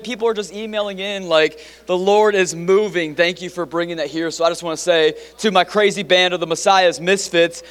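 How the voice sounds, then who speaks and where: A middle-aged male pastor preaching a sermon in an energetic, excitable way, full of casual fillers. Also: sits high, smooth. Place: large church hall. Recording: long hall reverb.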